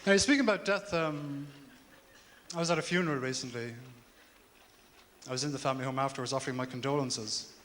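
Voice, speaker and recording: Deadpan Dublin comedian on a live stage. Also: male voice, mid-range voice, a little fast. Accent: Dublin Irish. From Ireland. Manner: dry, deadpan delivery with hesitant fillers. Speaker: stand-up comedian. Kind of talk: deadpan stand-up set. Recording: live hall recording with reverb and faint ambient noise.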